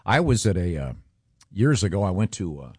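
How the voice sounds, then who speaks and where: A man hosting a radio show, telling stories in casual banter with frequent halting restarts. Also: low voice, big pitch swings, darkish tone, slightly rough, no room sound, clean studio sound. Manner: rambling, halting storyteller.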